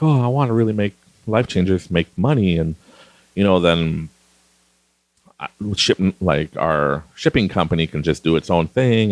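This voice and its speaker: Low, gravelly-voiced chatty man. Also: no echo. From Canada. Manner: rambling, chatty, laughs often. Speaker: podcast host. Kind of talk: casual monologue.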